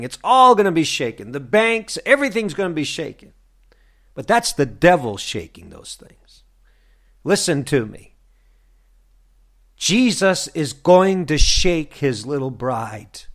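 Fervent slow-preaching man. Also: sits high, a bit bright. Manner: fervent, rhetorical questions to listeners. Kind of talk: sermon. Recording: broadcast sermon.

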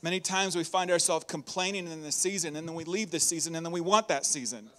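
A high-pitched male pastor delivers a lively church sermon, upbeat and animated. He laughs often between his points and leans into the congregation. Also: fast. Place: church hall.

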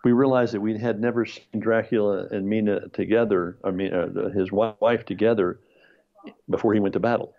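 A brisk, creaky male voice of fairly low pitch, recorded with the highs cut off. The speaker, a screenwriter guest in a conversational interview, relates a long anecdote with animation, voicing each person he quotes and laughing often.

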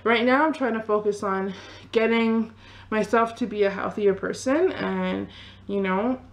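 A woman's voice: mid-range voice, measured pace. A woman in her twenties chatting casually to camera as a fitness vlogger, rambling loosely with lots of fillers. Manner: rambling, loose, full of "you know" and "like". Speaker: fitness vlogger and pole dancer.

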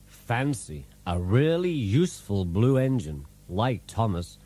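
A man's voice: fairly low pitch, very animated, slow pace, mellow, slightly rough, exaggerated voice. A man voicing a cheeky, chuckling little engine. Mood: teasing. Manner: chuckling, teasing. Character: cheerful teasing young male engine. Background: music.

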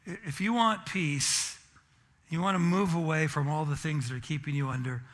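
A man's voice: on the high side, moderate pace, a bit bright. A pastor preaching a sermon in church and telling a self-deprecating, humorous story about his family.

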